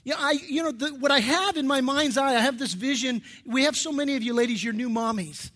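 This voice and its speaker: A man's voice: very high-pitched, a little fast, a bit bright. A male pastor giving a sermon in a conversational, emphatic way, with many restarts and personal stories.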